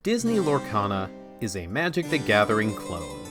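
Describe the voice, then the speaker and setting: A young man narrates a scripted comedic review, his tone dry and sarcastic. His voice sits low but swings widely up and down, keeping the delivery animated. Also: moderate pace, music in the background. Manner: sarcastic, irreverent. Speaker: video essay host.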